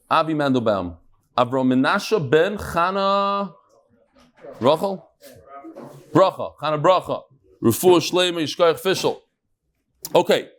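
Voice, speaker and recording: A middle-aged man leads a daily Talmud class in a lively, jokey way, his voice sitting a little high for a man. He shifts between plain English and Hebrew-Aramaic terms as he explains. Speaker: Talmud class teacher and host. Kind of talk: lively Talmud lesson to a live group.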